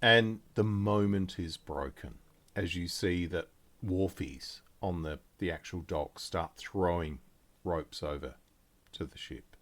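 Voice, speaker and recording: Slow, low-voiced game master. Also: male voice. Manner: relaxed, halting narration with fillers. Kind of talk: narrating a tabletop game.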